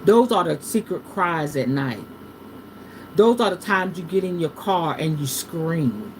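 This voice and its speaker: Hosting a livestream, a tarot reader gives a live reading like a casual sermon, speaking a little slowly. She's animated, swinging from low, hushed tones to high, loud ones and dropping salty curse words, over a light hiss.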